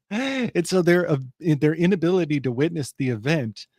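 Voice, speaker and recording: A man's voice: on the high side, lively intonation, normal speed, darkish tone, dry recording. Dry-voiced man telling a folk tale. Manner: rambling, reflective, many restarts. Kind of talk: casual conversation and folk-tale storytelling.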